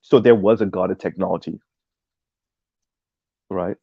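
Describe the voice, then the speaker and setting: A man's voice: sits low, steady tone, unhurried, vocal fry, breathy edge, dry recording, muffled recording. A man giving casual livestream commentary on a video essay, rambling with many ums and tagging his points with "right?". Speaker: streamer reacting to a video essay.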